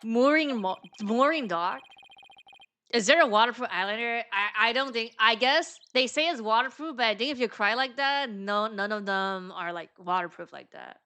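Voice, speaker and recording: A woman's voice: fairly high pitch, animated, normal speed, bright, forceful tone. A woman streaming a game, chatting casually with giggly, slangy asides. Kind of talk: let's play commentary.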